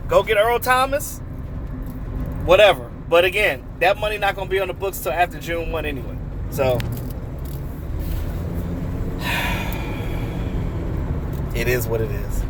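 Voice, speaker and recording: Heated, high-voiced man ranting about football. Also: noisy background. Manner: blunt, heated, swears freely, asks repeated rhetorical questions. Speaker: sports vlogger. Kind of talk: casual ranting commentary.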